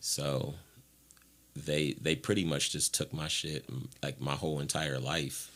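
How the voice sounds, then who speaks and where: A man from Ohio with an extremely low, deep voice tells his own story as a podcast guest. He talks frankly and rambles, and he slips into voicing the people in the story. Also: flat delivery, a little slow, a bit bright. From Ohio, USA. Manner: frank, rambling, acts out what others said. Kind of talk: candid personal storytelling.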